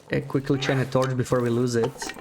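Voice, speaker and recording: A man's voice: mid-range voice, flat delivery, fairly quick, darkish tone, slight background noise. A man giving live gameplay commentary as a streamer, chatting to his viewers, thinking aloud and laughing often.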